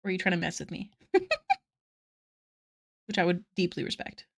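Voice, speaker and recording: A woman's voice: lowish voice, steady tone, normal speed, breathy edge. Giggly woman chatting on a stream. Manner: chatty, giggly, reads chat aloud. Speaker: art streamer. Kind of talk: casual live-stream chat with viewers.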